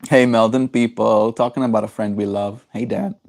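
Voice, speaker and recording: A man's voice: fairly low pitch, steady tone, moderate pace, a little mellow. A man from South Africa chatting casually on a livestream, rambling and answering chat messages aloud.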